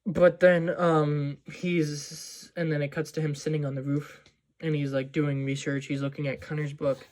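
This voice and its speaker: A man's voice: fairly high pitch, little pitch movement, normal speed, a little mellow. Man rambling through a movie recap. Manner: rambling, full of "like" and "um". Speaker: movie vlogger. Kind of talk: casual movie scene recap.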